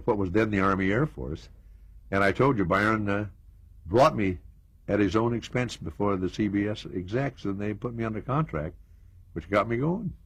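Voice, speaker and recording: Husky older man telling stories. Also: fairly low pitch, no echo. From United States. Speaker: interview guest. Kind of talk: reminiscing interview.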